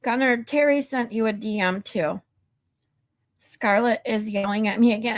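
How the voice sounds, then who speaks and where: Woman streamer, casual chat, slightly high voice, swears, gets louder when irritated. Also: moderate pace. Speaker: livestream host.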